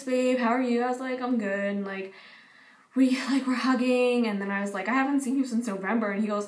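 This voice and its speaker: A teenage girl vlogger telling a long story in a casual, rambling way, full of "like" fillers and getting excited. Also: mid-range voice. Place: indoor room with air conditioning. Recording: echoey room, far from mic, faint hum. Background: faint air conditioning hum.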